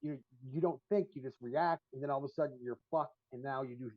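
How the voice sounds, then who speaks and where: A man's voice: mid-range voice, fast talker, no room sound. A man co-hosting a podcast, telling long, profane, rambling stories full of fillers in casual chat. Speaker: podcast co-host. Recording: dull lo-fi stream audio.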